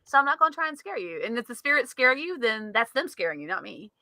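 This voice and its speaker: Woman, podcast co-host, giggly, rambling, very bright tone, dry close sound. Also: on the high side, sing-song, quick pace, no echo. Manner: giggly, laughs often; rambling with many fillers. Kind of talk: casual chat.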